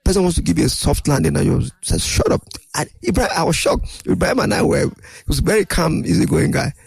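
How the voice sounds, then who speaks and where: An older man, a guest in an interview, telling animated anecdotes and acting out other people's voices. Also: fairly high pitch, fast talker, gravelly, breathy edge, no echo. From Nigeria. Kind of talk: storytelling interview.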